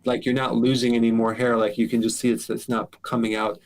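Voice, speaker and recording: Relaxed man explaining health advice. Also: mid-range voice, a little fast. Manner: relaxed, explanatory, filler-heavy. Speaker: health show host answering callers. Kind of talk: casual live Q&A advice.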